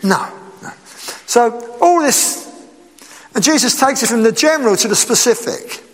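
A man preaching a sermon in a lively, conversational way, asking his listeners rhetorical questions. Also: extremely high pitch, a little slow, big-room sound.

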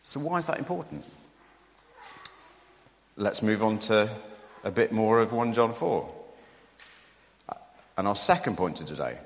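Preacher with a lively, swooping voice. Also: male voice, unhurried, pauses often, big-room sound. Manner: conversational and joking, with lively rises in pitch. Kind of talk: sermon.

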